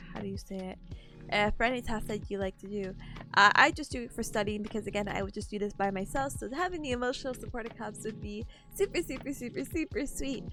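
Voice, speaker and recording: A young woman streaming as a VTuber, chatting playfully with her viewers, giggly and a little sniffly. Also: on the high side. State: sniffly, voice a bit worn. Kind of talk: casual chat with stream chat.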